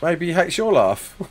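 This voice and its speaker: A young English man on a live game stream, bouncing through viewer comments in easy banter. His pitch jumps up and down a lot. He talks into a desk mic. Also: slight background noise. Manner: chatty, reads viewer comments aloud and answers them, quick laughs. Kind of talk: casual live-stream chat while gaming. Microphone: desk mic with face cam.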